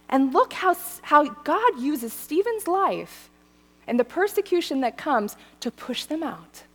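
Animated woman preaching in a hall. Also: high-pitched. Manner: animated storytelling, lively and laughing. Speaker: church speaker. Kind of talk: sermon. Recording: hall reverb.

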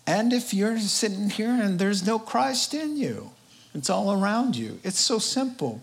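A man's voice: high-pitched, sing-song, unhurried, vocal fry. A man preaching a sermon as pastor, in a conversational, joking way that often acts out quotes.

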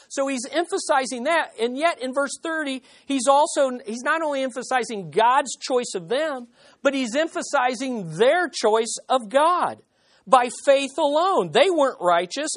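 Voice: high-pitched, animated, moderate pace, fairly bright tone. A pastor preaching an expository sermon, emphatic, with rhetorical questions and short laughs.

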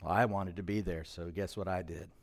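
A middle-aged male pastor telling a personal story in a sermon, emotional and halting at times. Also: low-pitched, fairly even intonation. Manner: emotional, personal testimony with pauses.

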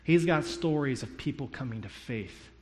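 A man's voice: medium pitch, animated, normal speed, darkish tone. A man preaching a sermon, telling a story and acting out the dialogue in it. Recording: long hall reverb.

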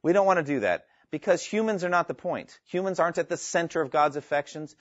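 A man's voice: fairly high pitch, quick pace, no room sound. Male Bible teacher, earnest, reads scripture and explains, dry close sound, slightly dull recording. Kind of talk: Bible teaching to a live class, taking questions.

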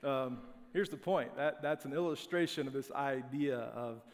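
A man's voice: mid-range voice, moderate pace. A middle-aged man preaching a sermon as a pastor, telling family stories in a conversational, self-deprecating way. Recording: long hall reverb.

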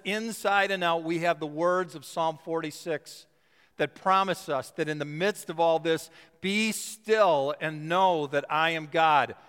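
A male pastor preaches a sermon in a church sanctuary, his fairly high, fairly bright, smooth voice drawing out key words with emphatic phrasing. Long church reverb fills the recording.

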